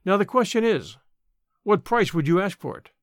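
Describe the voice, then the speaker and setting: A male audiobook reader voicing a greedy, guarded army major who speaks in a cool, measured way. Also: high-pitched, animated, no room sound, clean studio sound. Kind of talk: audiobook character reading.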